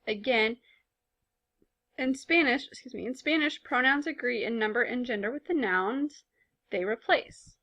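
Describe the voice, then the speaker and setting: A woman's voice: on the high side, unhurried, bright, forceful tone. A woman teaching a recorded language lesson in a patient, explanatory way, speaking with casual fillers. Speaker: Spanish teacher.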